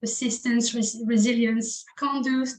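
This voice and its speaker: A woman presenting an online training session for language teachers. She speaks encouragingly, often checks in with "okay?" and "you know", and slowly demonstrates sounds for her listeners to repeat. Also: on the high side, fairly even intonation, darkish tone, roomy sound, poor audio.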